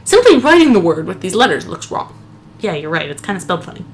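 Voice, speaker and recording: A woman co-hosting a let's play, chatting casually and reading in-game notes aloud in a slow, solemn voice. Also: fairly low pitch, very animated. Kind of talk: casual gameplay chat and read-aloud.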